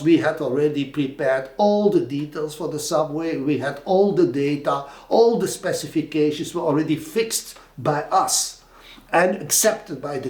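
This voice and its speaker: An older man with a Flemish Belgian accent telling animated anecdotes as an interviewee, with lots of fillers and restarts. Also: on the high side. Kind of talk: anecdotal storytelling. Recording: roomy echo.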